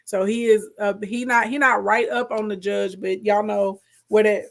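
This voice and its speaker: A woman's voice: medium pitch, normal speed, gravelly. A woman with a Southern accent giving casual, sassy commentary on court footage, often calling the audience "baby" and "y'all". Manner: animated, sassy, repeats "baby" and "okay".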